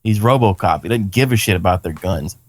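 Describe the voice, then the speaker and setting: A man with a somewhat low voice hosts a casual podcast chat. He rambles and curses freely, throwing in mocking quoted lines. The sound is close and dry with no room around it. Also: lively intonation, a little fast, a little mellow, no echo. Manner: rambling, profane, riffs with mock voice quotes. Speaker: podcast host.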